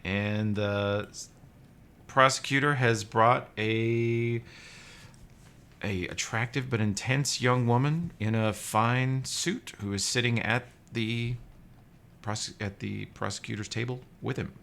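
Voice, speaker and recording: A man narrating as game master of a tabletop game, wry and deadpan. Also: medium pitch, slow, vocal fry.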